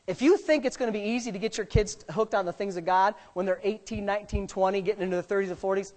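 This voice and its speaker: Fervent pastor preaching. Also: male voice, sits high, lively intonation, quick pace, hardly any pauses. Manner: fervent, swinging from quiet to shouting. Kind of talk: sermon.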